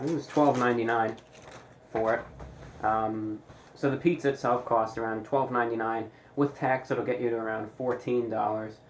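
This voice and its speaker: A man reviewing pizza in a deliberate, casual way, with dry sarcastic asides. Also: mid-range voice, reverberant, a little hiss or hum, low-quality recording. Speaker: food reviewer.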